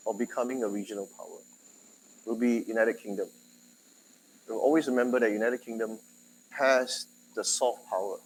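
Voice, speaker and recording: A male university lecturer speaks Singaporean English with a slight Malay tinge, in a middle-pitched voice. He talks to the class in a loose, conversational way, throws questions at the students and often jumps up in pitch and volume. A faint hum of background noise runs under him. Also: low-quality recording.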